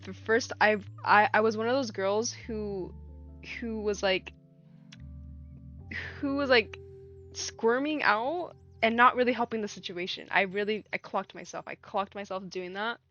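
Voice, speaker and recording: A woman's voice: mid-range voice, a little slow, fairly bright tone. A young woman livestreaming, chatting casually and telling a story with many fillers and restarts. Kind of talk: casual chat. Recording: dull lo-fi stream audio with faint music.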